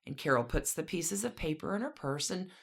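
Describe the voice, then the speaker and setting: Low-voiced woman, podcast co-host, casual storyteller with dry asides. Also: expressive, a little fast, vocal fry, breathy edge.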